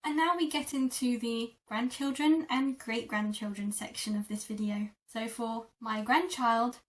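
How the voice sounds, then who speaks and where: Brief: young woman language teacher, slow careful pace, slightly high voice, a little off-mic. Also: steady tone, distant mic. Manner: slow, careful repetition of words. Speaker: French teacher. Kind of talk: vocabulary lesson.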